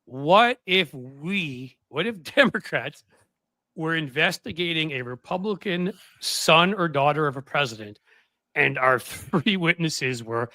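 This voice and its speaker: A male podcast host with a bright, slightly raised voice talks politics sarcastically, laughing between phrases. The sound is dry and close, with no room around it. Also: fairly high pitch, lively intonation, unhurried, dry recording. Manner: sarcastic, laughs mid-sentence.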